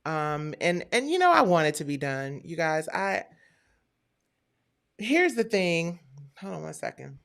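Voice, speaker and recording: A woman's voice: low-pitched, very animated, measured pace, gravelly, pauses often, a bit bright. A woman hosting a live stream, chatting casually and talking straight to her viewers.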